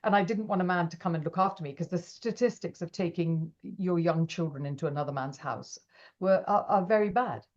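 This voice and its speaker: Animated woman telling stories. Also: on the low side, fairly quick, dull audio. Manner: animated, acts out quoted voices, laughs often. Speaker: podcast guest. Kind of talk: casual interview storytelling.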